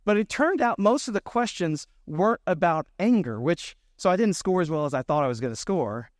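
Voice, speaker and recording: A man's voice: high-pitched, expressive, brisk, dry recording, clean studio sound. A man in his thirties, a pastor giving a conversational sermon, telling stories with asides to the congregation.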